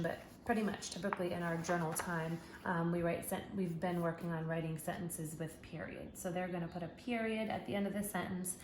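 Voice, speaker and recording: A woman teacher talks parents through a home literacy lesson in a patient, encouraging way. She slows down to stretch out each letter sound. Her voice carries a noticeable room echo over a faint background hum. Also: on the low side. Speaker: kindergarten teacher. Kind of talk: tutorial for parents.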